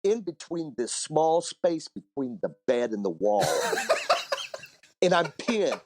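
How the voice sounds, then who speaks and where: A man's voice: medium pitch, big pitch swings, a little slow, warm tone, slight background noise. A man being interviewed about long-distance motorcycle riding, telling stories animatedly with frequent restarts and repeated words. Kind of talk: casual storytelling interview.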